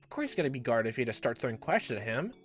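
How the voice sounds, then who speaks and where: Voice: mid-range voice, big pitch swings, very fast. A let's-play host reading a visual novel aloud in a casual, wry way, with rambling asides and faint game music behind.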